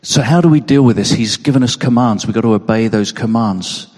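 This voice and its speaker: A man's voice: medium pitch, a little fast, a little mellow, slightly rough. An earnest male preacher delivering a Sunday sermon, his voice moved and emotional. He often repeats a word or two as he presses a point home. The sound carries a long reverb from a big church hall. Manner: earnest, repeats words when emphasising.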